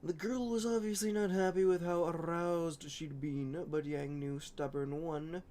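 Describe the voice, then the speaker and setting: A man from Canada reading fan fiction aloud on a podcast, halting and giggly, with frequent restarts. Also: fairly high pitch, steady tone, darkish tone, a little hiss or hum.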